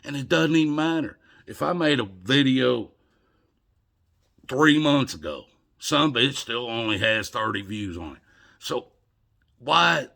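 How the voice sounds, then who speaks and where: An older man delivering an emotional, scolding monologue to camera, swinging between loud outbursts and hushed murmurs. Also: mid-range voice, expressive, unhurried, vocal fry, long pauses. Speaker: video blogger.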